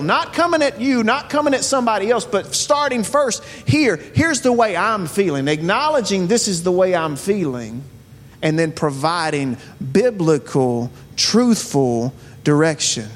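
A man's voice: sits high, expressive, unhurried, fairly bright tone, long reverb tail. A man preaching a sermon as pastor, earnest, asking his listeners one rhetorical question after another.

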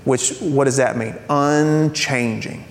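Speaking slowly, his voice touched with vocal fry, a pastor addresses the congregation in a conversational tone. He leans on rhetorical questions and small humorous asides, and the hall's reverb and faint rumble are audible.

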